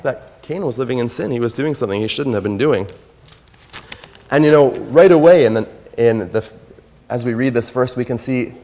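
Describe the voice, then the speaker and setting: Male children's teacher, mid-pitched, chatty, asks kids questions, slow scripture reading, long hall reverb. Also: darkish tone. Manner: conversational, asks the children questions, reads verses slowly. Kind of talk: Bible lesson for children. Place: church.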